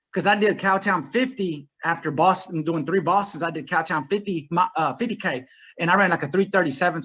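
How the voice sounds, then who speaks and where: A man in his forties, an ultrarunner guest, telling his story in a rambling, energetic way. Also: a little high, slightly rough, poor audio. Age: 40s. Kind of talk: casual interview conversation.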